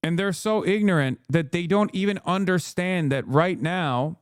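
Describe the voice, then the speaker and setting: A man's voice: high voice, moderate pace, clear, resonant tone, no room sound, studio quality. A man in his thirties hosting a live-stream reaction, ranting sarcastically and reading chat messages aloud. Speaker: streamer host.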